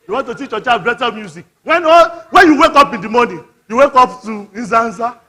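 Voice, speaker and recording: Nigerian male conference preacher; very high, sharp tone; playful, call-and-response delivery. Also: a little fast. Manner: lively, teasing, calls out to the audience. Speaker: conference speaker. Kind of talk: interactive family-life sermon. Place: church conference hall.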